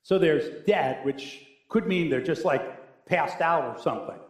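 A male pastor preaching a sermon with animated, humorous storytelling. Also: on the high side, a little slow. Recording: echoey room.

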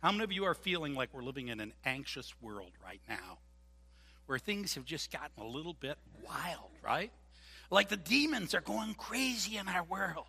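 A man preaching a sermon as pastor, animated and joking, acting out voices. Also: a little high, normal speed, vocal fry, slightly rough, big-room sound. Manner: animated, jokey, acts out voices. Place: church.

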